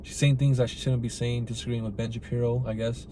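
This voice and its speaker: A man hosts a podcast, delivering a loose, rambling film review peppered with swearing and constant "like" and "right?". His mid-range voice is mellow and fairly flat in pitch, and he talks fast. There's a slight hiss or hum on the recording.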